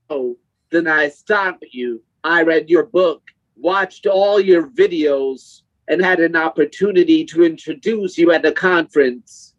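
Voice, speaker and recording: A synthetic male voice from a communication device, pitched fairly high and evenly paced. The sound is dry, with no room around it, and slightly dull and muffled, as if sent over a video call. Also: dry recording. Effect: text-to-speech device voice. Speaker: guest speaker.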